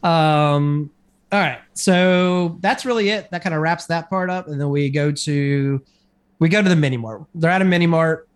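Male podcast co-host, slightly high voice, loose rambling recap delivery. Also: normal speed, smooth. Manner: rambling, filler-heavy retelling. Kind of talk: casual chat.

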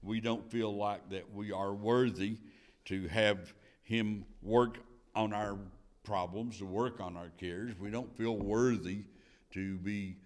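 A man's voice: lowish voice, steady tone, takes it slowly. A man teaching a Bible lesson in sermon style, earnest and repetitive, with firm rising declarations and scripture read in old King James wording. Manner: earnest preaching, repeats phrases for emphasis, rising to firm declarations. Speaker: Sunday school teacher.

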